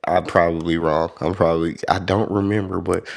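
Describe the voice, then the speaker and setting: A man's voice: low-pitched, little pitch movement, fairly quick, gravelly. A man with an American accent hosting a reaction channel, chatting casually and laughing along as he comments on a comedy clip. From United States. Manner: laid-back, chuckling, talks back to the clip.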